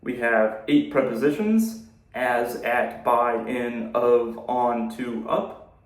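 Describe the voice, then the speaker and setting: A man hosting a casual video explainer, giving deadpan definitions with jokey asides. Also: mid-range voice, echoey room. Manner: dry, jokey asides between slow definitions. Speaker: video host. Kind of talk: casual explainer reading a word list.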